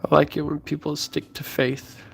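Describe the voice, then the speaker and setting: A man's voice: on the high side, monotone, normal speed, vocal fry, a bit bright, slight background noise. Chatty young American man streaming live. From United States. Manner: rambling, friendly, many fillers and restarts. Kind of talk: casual live-stream chat with viewers.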